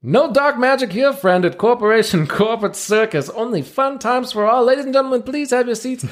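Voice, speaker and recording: A man's voice: very high-pitched, a little fast, voice pushed up. A man voicing a smarmy, callous male circus ringmaster with a grandiose announcer delivery.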